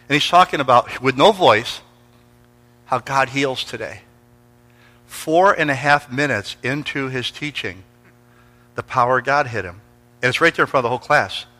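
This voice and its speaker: A man's voice: mid-range voice, sharp tone, long reverb tail. A man preaching a sermon, telling stories and acting out voices and sounds. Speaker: pastor. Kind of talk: sermon with storytelling.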